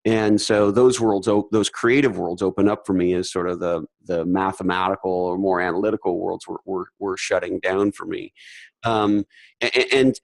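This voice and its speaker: Low-voiced rambling man, dry close mic. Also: creaky, no room sound, low-quality recording. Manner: rambling, halting, swears casually. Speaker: podcast host. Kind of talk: casual storytelling chat.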